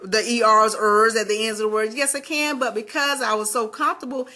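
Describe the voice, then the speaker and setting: A woman from Georgia with a Southern American accent giving a chatty, animated motivational talk straight to her viewers. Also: on the high side, brisk. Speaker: motivational vlogger.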